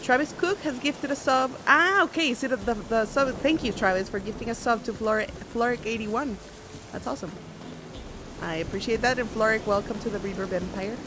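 Her voice is on the high side and moderately paced, with music and background noise in the recording. She's a chatty, giggly game streamer offering casual commentary, reading chat aloud and squealing and shouting at enemies when they attack.

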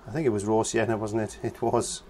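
A man's voice: lowish voice, level tone, fairly quick, a little mellow, slight background noise. A man giving a casual painting lesson, chatting as he works and humming nonsense syllables while he paints. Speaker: painting teacher.

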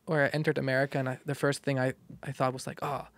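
A man from the Netherlands with a Dutch accent, a guest talking casually and haltingly, often restarting his sentences. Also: medium pitch, level tone, vocal fry, fairly bright tone, no room sound. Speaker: guest musician. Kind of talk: casual conversation.

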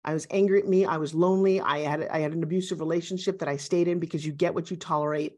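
Guesting on a motivational interview, this sixty-something woman sounds emphatic, lively and sure of herself. She has a low-pitched voice and talks fast.

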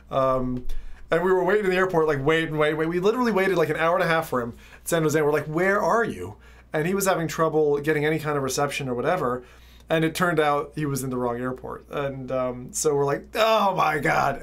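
A man, a VR streamer telling trip stories in a casual, rambling vlog full of fillers. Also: fairly high pitch. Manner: rambling storytelling with many fillers.

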